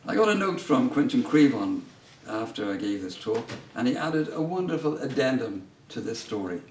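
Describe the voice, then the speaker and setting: A man giving a public history talk as guest speaker, telling an anecdote in a measured way. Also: mid-range voice, big pitch swings, darkish tone. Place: museum lecture room. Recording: roomy, distant mic, faint noise.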